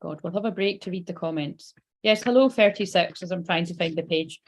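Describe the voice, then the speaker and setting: A Scottish woman with a gravelly edge of fry to her voice gives a casual live tarot reading. She talks in a loose, chatty way, swears freely and laughs often. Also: fairly low pitch, a little fast. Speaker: psychic tarot reader.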